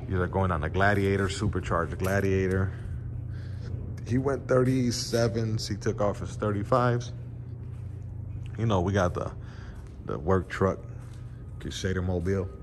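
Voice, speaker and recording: A man of Puerto Rican heritage speaks in a low, unhurried voice, pausing often, with a little hiss or hum in the recording. He's casually vlogging a walkthrough of his wheel shop, laid-back and rambling, cursing and using lots of fillers like "you know."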